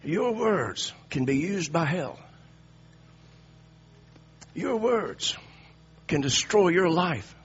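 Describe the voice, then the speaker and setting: Husky preacher man, emphatic sermon. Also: a little high, very animated, drawn-out words, long pauses, muffled recording. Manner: emphatic, repeats phrases, restarts often.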